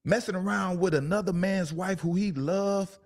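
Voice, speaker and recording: A man with speech hosts a talk show, reacting to a clip in a loose, animated way. His voice sits a little high for a man and he leans hard on emphasis. The delivery is casual and conversational. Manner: animated, laughing, drawn-out emphatic asides. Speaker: show host.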